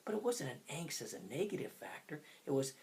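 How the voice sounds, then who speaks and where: With big swings in pitch and a brisk pace, a man in his 60s delivers a relaxed motivational talk. He chats loosely, wanders off topic, and flips between sudden loud eruptions and hushed, almost whispered side comments.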